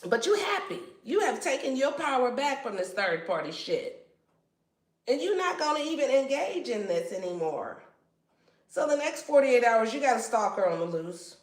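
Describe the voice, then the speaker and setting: A woman's voice: a little high, big pitch swings, normal speed. A woman giving a casual tarot reading in a blunt, slangy way and swearing freely. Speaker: tarot reader. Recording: echoey room.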